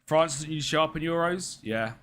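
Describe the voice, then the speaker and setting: A man's voice: fairly high pitch, fast, fairly bright tone, slight background noise. A young man chatting casually on a live stream, rambling and answering viewers by name as he plays. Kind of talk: casual live-stream chat while gaming.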